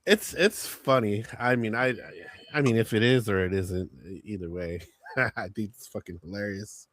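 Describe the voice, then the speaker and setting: A man's voice: on the low side, normal speed, a bit bright, no echo. A man co-hosting a casual podcast, laid-back and amused, swearing casually.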